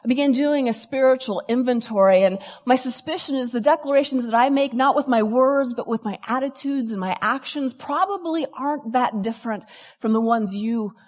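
High-voiced woman telling a lively story. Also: moderate pace, big-room sound. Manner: lively storyteller, acting out quoted friends. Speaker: speaker. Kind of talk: storytelling talk.

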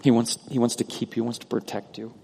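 A man preaching a sermon as pastor, earnest, moving between loud emphasis and hushed prayer. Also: mid-range voice, flat delivery, fast talker, vocal fry, slight background noise. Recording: long hall reverb.

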